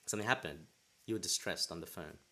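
A man's voice: sits low, fast, pushed and bright. A young man hosting a podcast, telling a personal story in a rambling way with many restarts. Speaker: podcast host. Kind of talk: casual chat.

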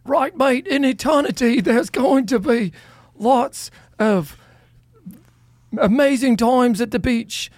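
A man's voice: very high-pitched, slow pace, a little mellow, dry recording, soft background music, voice pushed up. A man putting on a brash, beach-loving Australian bloke with exaggerated mock slang in a raised voice.

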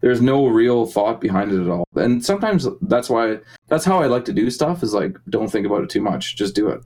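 A man's voice: medium pitch, big pitch swings, brisk, a little mellow, low-quality recording. A man talking casually as a musician guest in an interview, rambling with many fillers and restarts. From Canada.

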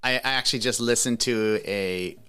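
A man's voice: medium pitch, normal speed, sharp tone, clean tone. A man hosting a podcast, chatting casually with a guest and rambling a little, with many fillers and restarts. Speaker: podcast host. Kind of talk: casual interview chat.

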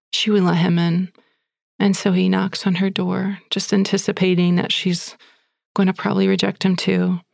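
Woman, podcast host, casual storytelling, chatty, low voice, gravelly. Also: darkish tone, no room sound, studio quality. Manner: chatty, breathless, with fillers like "like" and "you know".

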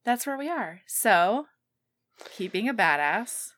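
A woman's voice: mid-range voice, sing-song, slow, a bit bright, no room sound. A woman co-hosting a podcast in casual chat. She laughs easily and reads out the show's sign-off. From United States. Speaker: podcast co-host.

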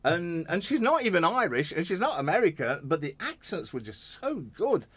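A man's voice: fairly high pitch, normal speed, breathy edge. A man hosting a hospital radio show, chatting casually and joking with his guests in the studio. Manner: chatty, jokey, lively. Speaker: radio host.

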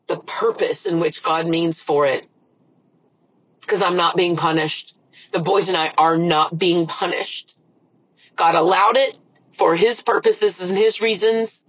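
Woman, middle-aged, crying, earnest, husky, low pitch. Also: dry recording, lo-fi sound. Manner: earnest, emotional, repeats phrases. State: tearful, crying. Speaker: podcast host. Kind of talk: personal faith podcast talk and prayer.

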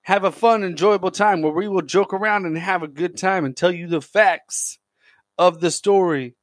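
A man's voice: sits high, normal speed, no room sound, studio quality. A man hosting a podcast in a casual, chatty, enthusiastic monologue, often restarting his sentences. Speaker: podcast host.

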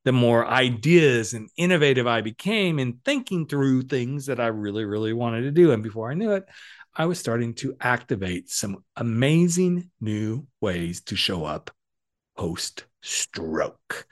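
A man's voice: mid-range voice, big pitch swings, unhurried. A middle-aged man hosting a podcast, giving a casual motivational monologue with playful, cheeky asides. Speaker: podcast host and coach.

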